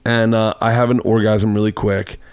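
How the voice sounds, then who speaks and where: A man's voice: fairly low pitch, flat delivery, normal speed, darkish tone, smooth, dry recording. A man hosting a podcast, telling a long, rambling anecdote in casual chat and acting out the voices of the people in it. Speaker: podcast host. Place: home studio room.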